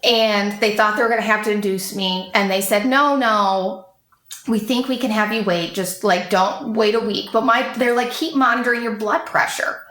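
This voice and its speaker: A woman in her thirties telling a long personal story in casual chat, animated and swearing freely as she acts out what others said. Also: medium pitch, moderate pace. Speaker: podcast guest. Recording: echoey room.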